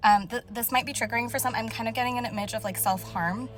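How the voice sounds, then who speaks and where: A young woman speaking casually as a spiritual channeler, emotional and halting, full of fillers as she describes images to viewers. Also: on the high side, soft background music. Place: car.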